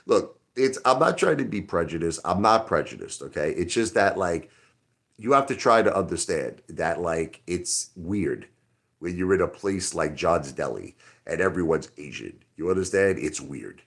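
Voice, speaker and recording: A middle-aged man with a deep voice hosts a casual livestream. He rambles from one point to the next and answers his chat directly in a loose, conversational way. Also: lively intonation, moderate pace, gravelly, a bit bright. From Brooklyn, New York. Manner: rambling, talks straight to chat. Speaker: livestream host.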